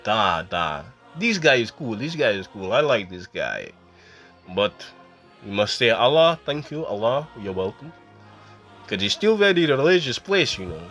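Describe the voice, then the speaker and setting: A man's voice: mid-range voice, very animated, unhurried, fairly bright tone, soft background music. A man voicing a boastful, overly friendly male Soviet official, rambling in broken English. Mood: chummy. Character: blustering middle-aged male Soviet official, boastful comrade.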